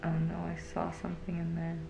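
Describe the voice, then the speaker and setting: A woman's voice: on the low side, completely flat delivery, quick pace, gravelly, echoey room, over music. A young woman vlogging casually as she tests a gadget, chatty and easily grossed out. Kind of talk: casual product-testing vlog.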